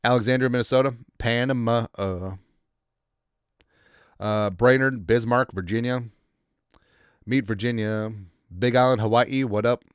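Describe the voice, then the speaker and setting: A man hosting a casual sports livestream, rambling as he reads out viewer shout-outs, a little congested. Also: mid-range voice, fairly even intonation, a little slow, long pauses, clear, resonant tone, dry recording, studio quality. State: congested, coughing. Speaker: podcast host.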